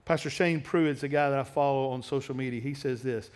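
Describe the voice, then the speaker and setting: A man preaching a sermon as pastor, blunt and confrontational, dropping to quieter asides. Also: medium pitch, fairly even intonation, a little fast. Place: church sanctuary.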